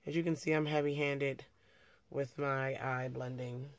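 A woman's voice: rumbling low, level tone, a little slow, slight background noise. A young woman chatting casually through a makeup tutorial, talking as she works and often correcting herself. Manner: chatty, talks while working, frequent self-corrections. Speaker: beauty vlogger.

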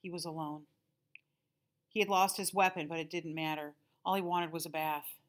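A teacher reading a novel aloud to her class in a calm, steady storytelling manner. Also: deep voice, moderate pace.

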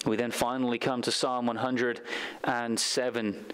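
Clear-voiced male pastor preaching. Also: medium pitch, level tone, measured pace, a bit bright. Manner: preaching with scripture readings and personal anecdotes. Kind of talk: sermon. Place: church sanctuary.

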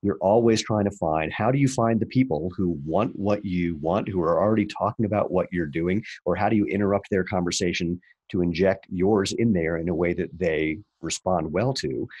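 A man in his fifties, a guest on a podcast interview, talking in a wry, animated way with fillers and restarts. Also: deep voice, moderate pace, hardly any pauses, husky, dull audio. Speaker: entrepreneur guest.

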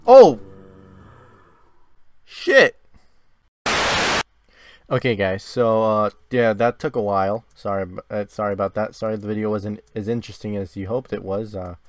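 A young man hosting a gaming video, chatting casually and often swearing and yelling when startled, recording in a dark closet. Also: fairly low pitch, level tone, a little fast, few pauses, slight background noise. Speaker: gaming channel host. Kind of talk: casual game commentary.

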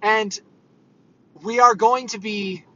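Earnest man preaching off the cuff, high and bright, muffled lo-fi recording. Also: fairly even intonation, takes it slowly. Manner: earnest, conversational, rambling with fillers. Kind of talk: informal sermon. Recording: dull lo-fi audio.

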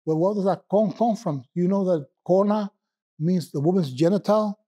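A husky man with a mellow, somewhat raised voice talks in a relaxed podcast conversation. He muses aloud, stumbling over words and circling back to restart his thoughts, with a slight rasp throughout. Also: high voice, normal speed. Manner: musing and reflective. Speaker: poet guest.

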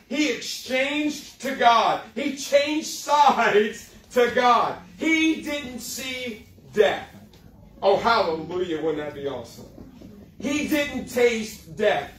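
A man preaching a youth sermon, folksy and joking, slowing down for dramatic emphasis. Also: extremely high pitch, expressive, fairly bright tone, far from the mic. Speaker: youth pastor. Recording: echoey room, speaker away from mic.

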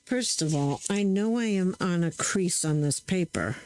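A woman's voice: lowish voice, lively intonation, measured pace, darkish tone, clear, resonant tone, no echo, poor audio. A woman hosting a crafting channel, chatting casually to viewers while she tests stamps, often correcting herself as she works. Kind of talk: casual crafting demo chat.

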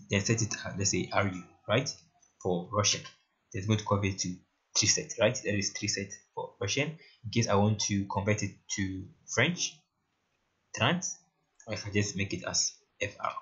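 Speaking at a moderate pace in a lowish voice with fairly even intonation, this man casually walks through a screen-recorded coding tutorial. He keeps dropping "right?" and "very interesting," while keys and mouse clicks sound through a muffled, lo-fi mic.

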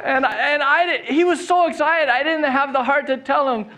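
Upbeat high-voiced pastor. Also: male voice, moderate pace, bright, forceful tone. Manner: upbeat, chatty storyteller who laughs through anecdotes. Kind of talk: Easter sermon with welcome and personal story. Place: church stage before a live congregation.

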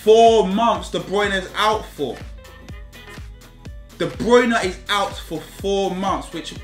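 A young man commentating live on his own football game, repeating himself and shouting in frustration at his players. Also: high voice, drawn-out words, echoey room, soft background music. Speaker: gaming YouTuber.

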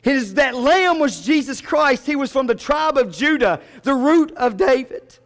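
Man, pastor preaching, very high voice, long church reverb. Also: lively intonation, measured pace. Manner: preaching with swings from low murmurs to loud high calls. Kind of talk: sermon. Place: church sanctuary.

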